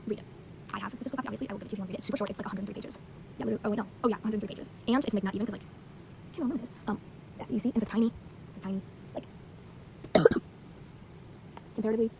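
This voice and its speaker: Teen girl vlogger, very fast and rambling, filler-heavy casual chat, faint hiss behind. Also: medium pitch, a little mellow, rough recording. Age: teens. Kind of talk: casual book review chat.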